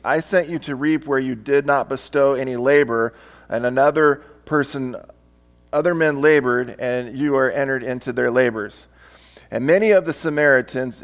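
A male pastor preaching a sermon, reading scripture aloud and explaining it, sometimes acting out different tones of voice. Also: mid-range voice.

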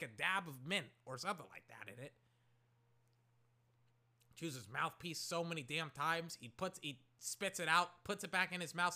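A man from Oakland, California, casually calling a basketball game he is watching, rambling with lots of "like" and breaking into excited shouts. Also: a little high. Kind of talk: casual play-by-play while watching.

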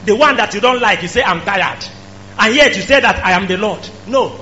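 A male preacher, delivering an emphatic sermon that rises to shouts. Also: high voice, lively intonation, fairly quick. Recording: dull lo-fi recording with faint hum.

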